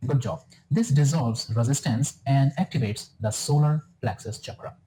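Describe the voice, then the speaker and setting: A man narrating a scripted spiritual self-help guide in a calm, soothing, instructive way. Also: medium pitch, moderate pace, poor audio. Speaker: wellness guru in a clip.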